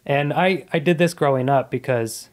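A man's voice: medium pitch, normal speed. A man in his thirties, a comedian guest on a podcast, telling his life story in a casual, earnest and reflective way.

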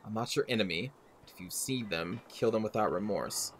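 A man's voice: on the low side, a little fast, voice pushed down, lightly acted. A man reading the lines of a guarded, defiant female elf wanderer in a game, in a terse, wary way.

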